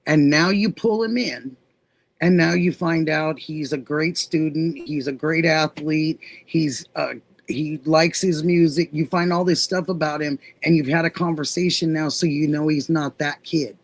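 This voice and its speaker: A woman hosting a live stream, greeting chat and telling a personal story in a relaxed, drawn-out way. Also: low voice, dry recording. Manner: reads viewer comments aloud, drawn-out storytelling.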